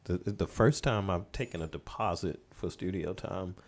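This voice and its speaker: A middle-aged man, a studio owner casually telling stories as a podcast guest with relaxed, rambling anecdotes. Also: sits low, moderate pace, a little hiss or hum. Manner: relaxed, rambling anecdotes, laughing as he tells them. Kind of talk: casual storytelling in a podcast interview.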